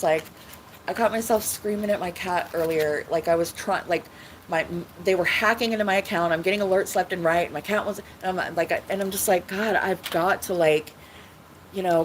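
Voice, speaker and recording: A woman's voice: lowish voice, steady tone, brisk, a little hiss or hum, rough recording. Rambling woman on a livestream. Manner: rambling, repetitive, swearing often. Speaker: livestream host. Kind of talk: rambling casual livestream talk.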